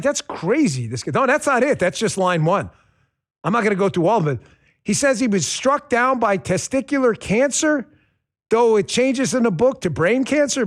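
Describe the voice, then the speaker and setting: A male host delivering a political commentary monologue in a high, bright voice that swings widely up and down. He talks in a sarcastic, mocking way, full of animated emphasis.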